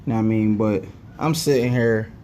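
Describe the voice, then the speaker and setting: A man's voice: on the low side, steady tone, normal speed, dark tone, slight background noise. A young man, ranting to camera as a sports fan, profane and heated, with a headache, often saying "know what I'm saying". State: has a headache. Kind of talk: casual rant to camera.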